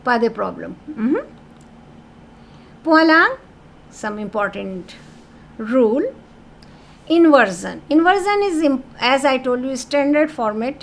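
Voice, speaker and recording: A woman with a high-pitched voice teaches French grammar patiently, reading each French question aloud and then translating it into English. She checks in with her students constantly, often asking "okay?", while faint room noise hums in the background.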